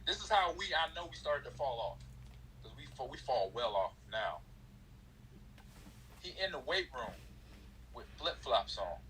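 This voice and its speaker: A man's voice: medium pitch, slight background noise, poor audio. A man, a former college running back, telling stories in a casual interview and acting out his own quotes with lots of energy. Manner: animated storyteller, acts out his own quotes.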